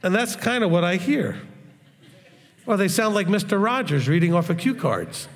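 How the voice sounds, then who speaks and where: A man's voice: high-pitched, very animated, normal speed, in a large hall, a little hiss or hum. A man teaching the Bible in a blunt, hard, straightforward way, often checking in with his listeners. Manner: conversational, asks the audience questions. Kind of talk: informal recorded teaching.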